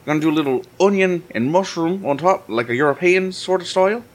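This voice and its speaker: A man's voice: sits high, a little fast. A man hosting a podcast, chatting loosely with fillers and self-deprecating jokes. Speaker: podcast host. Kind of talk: casual podcast chat.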